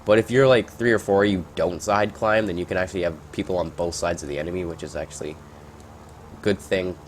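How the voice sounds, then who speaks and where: A man giving casual, rambling gameplay commentary, reacting out loud and swearing at surprises. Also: low voice, fairly even intonation, a little fast, slight background noise.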